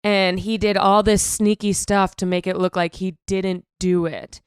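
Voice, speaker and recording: A woman in her thirties hosting a comedy podcast, telling stories fast in casual chat and slipping into playful impressions, with a bit of a morning voice. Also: medium pitch, flat delivery, clear, resonant tone, no echo. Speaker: podcast host.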